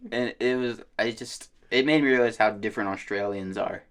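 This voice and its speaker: Casual podcast co-host, male, low-pitched, loose storyteller who swears freely. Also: measured pace. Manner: laid-back, swears a lot, animated storytelling. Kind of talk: casual chat.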